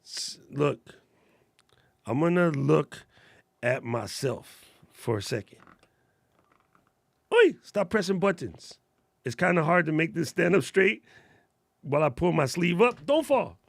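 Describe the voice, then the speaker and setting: Slangy, gravelly man on a live stream. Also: fairly high pitch, animated, slow pace, long pauses, no echo. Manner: casual, slangy and enthusiastic, answers viewer questions. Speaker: host of a live gear stream. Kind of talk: casual live-stream gear talk.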